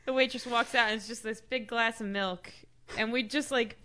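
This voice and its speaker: A woman's voice: a little high, steady tone, normal speed, pushed and bright. A young woman telling stories in casual podcast banter, giggly and full of "like". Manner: giggly, storytelling with lots of "like". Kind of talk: casual chat.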